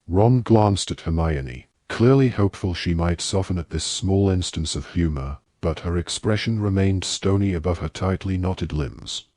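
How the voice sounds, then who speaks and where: Low deep voice guy reading an audiobook, steady, dry close sound. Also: normal speed, few pauses, no echo. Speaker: audiobook narrator. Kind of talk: scripted audiobook narration.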